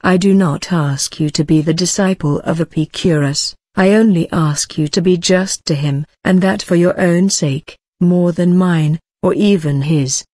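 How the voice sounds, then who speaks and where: A woman voicing a gentle, persuasive young Corinthian man in a storybook reading, speaking calmly and kindly. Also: on the low side, measured pace, hardly any pauses, no room sound, clean studio sound. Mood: pleading. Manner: calm, kindly pleading.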